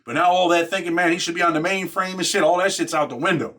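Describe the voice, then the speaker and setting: A man's voice: sits high, fast talker, a bit bright. A middle-aged man telling a jailhouse story in street slang, filling his talk with "man" and "right?". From Rochester, New York. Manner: streetwise slang, constant "man" and "right?", acts out others' lines. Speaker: podcast host telling prison stories. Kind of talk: casual storytelling monologue.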